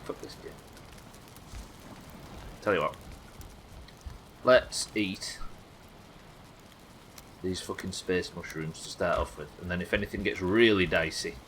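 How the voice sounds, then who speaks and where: A man's voice: sits low, unhurried, pauses often, a bit bright, a little hiss or hum, low-quality recording. A young man streaming a game live, chatting to viewers and thinking aloud as he plays, swearing freely. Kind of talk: live gameplay commentary.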